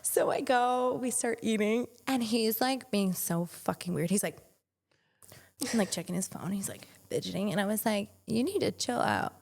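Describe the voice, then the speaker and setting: A woman guest on a podcast, telling stories in casual chat, animated, laughing often and swearing freely. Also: medium pitch, moderate pace, gravelly.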